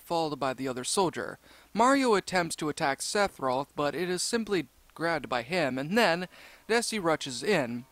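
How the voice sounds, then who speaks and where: A man reading a creepypasta story aloud in a steady, measured narration. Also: on the high side, dry recording.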